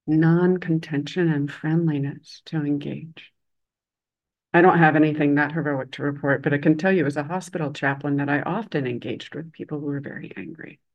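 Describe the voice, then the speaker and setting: A woman meditation teacher tells a story in an unhurried, conversational way. She pauses often and lets each phrase hang before going on, keeping a gentle tone through the teaching. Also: deep voice, dull audio. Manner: uses a loud, bright voice for quoted speech. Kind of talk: dharma talk storytelling.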